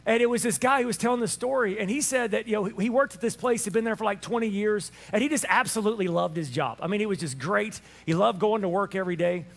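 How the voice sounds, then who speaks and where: High-voiced pastor preaching. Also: male voice, fast talker, creaky, hardly any pauses. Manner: animated storytelling, acts out dialogue. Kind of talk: Easter sermon.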